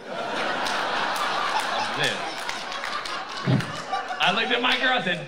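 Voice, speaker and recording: A man doing a stand-up comedy set on a club stage, loud and animated, shouting his punchlines into a handheld mic. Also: fairly high pitch, takes it slowly, long pauses, very noisy.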